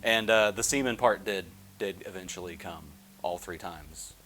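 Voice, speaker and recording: A man's voice: deep voice, normal speed, heavy background noise. A man giving a scripted comedy film review, joking crudely and swearing freely. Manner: crude, jokey, profane.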